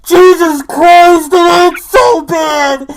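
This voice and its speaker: A man voicing a male demon stuck in a wall, who groans in pain in a drawn-out, sing-song way. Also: very high-pitched, steady tone, heavy background noise, exaggerated voice. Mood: groaning.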